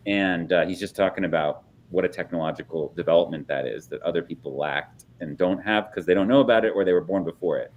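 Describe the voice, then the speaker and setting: Panel guest, man, deep voice, easygoing rambling delivery, slight background rumble. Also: fairly quick. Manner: loose and conversational, many fillers. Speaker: Bitcoin nonprofit organizer. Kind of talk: casual panel chat.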